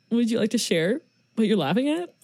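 A woman's voice: a little high, darkish tone, no echo. A woman co-hosting a casual movie-review podcast, giggling often and joking sarcastically. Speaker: podcast co-host.

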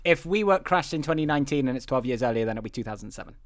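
A man co-hosting a podcast, recapping a TV series in animated, swearing, casual chat. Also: mid-range voice, racing. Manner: animated, swearing, laughing storyteller. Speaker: podcast co-host.

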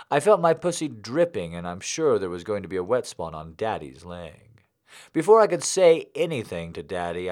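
A man hosting a live comedy show, reading a story aloud and signing off in an animated, rambling, self-deprecating way. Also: fairly low pitch. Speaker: host.

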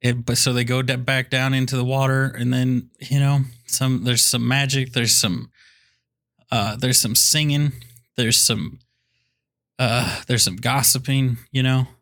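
A man co-hosting a podcast, riffing through loud comedic rants about a movie remake and putting on mock voices. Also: medium pitch, fairly even intonation, a little slow. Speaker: podcast co-host. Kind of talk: comedic movie review banter.

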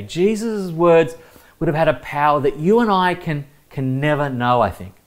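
A man with an Australian accent preaching a sermon while baking bread, earnest and emphatic, speaking straight to his listeners. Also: on the high side.

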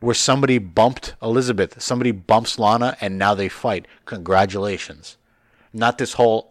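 A man's voice: fairly low pitch, steady tone, moderate pace, no room sound. A man in casual chat, blunt and questioning, swearing now and then. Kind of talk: casual chat about pro wrestling.

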